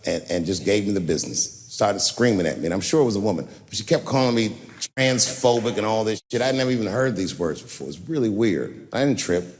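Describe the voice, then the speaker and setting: A male stand-up comedian telling profane stories with animated delivery, often breaking into shouts. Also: mid-range voice. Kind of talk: stand-up set. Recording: large venue with long reverb, faint noise.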